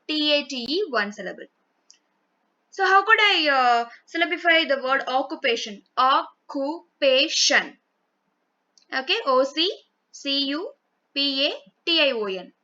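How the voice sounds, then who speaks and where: A woman's voice: sits high, animated, moderate pace, sharp tone. A woman teaching a grammar lesson, explaining step by step with frequent "okay" and spelled-out examples. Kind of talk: English grammar lecture. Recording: dull lo-fi sound.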